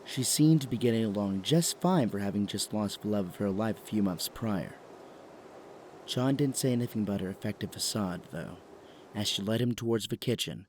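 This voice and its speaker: Calm low-voiced male narrator. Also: a little hiss or hum. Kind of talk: scripted narration of an audio drama.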